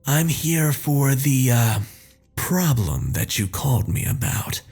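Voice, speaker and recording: A man's voice: medium pitch, sing-song, slow, darkish tone, slightly rough, soft background music, voice pushed up, full character voice. A man voicing a professional female doctor who speaks politely and in a businesslike way.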